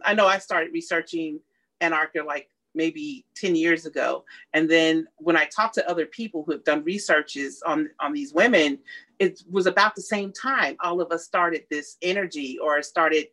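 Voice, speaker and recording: Woman co-host, lower voice, casual and animated chat. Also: normal speed.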